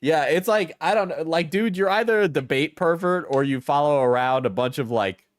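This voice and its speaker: A man's voice: a little high, expressive, moderate pace, no room sound. A man streaming casual commentary in a rambling, profane way, with frequent laughter.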